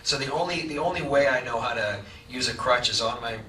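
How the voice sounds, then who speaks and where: Bright-voiced man, rambling and self-amused. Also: medium pitch, a little fast, slight background noise. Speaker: actor answering audience. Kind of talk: live Q&A answer. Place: large cinema hall at a live event. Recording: echoey hall, distant mic.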